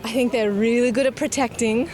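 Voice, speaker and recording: A woman in an interview clip, giving earnest, measured opinions. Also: a little high, steady tone, a little mellow, slight background noise.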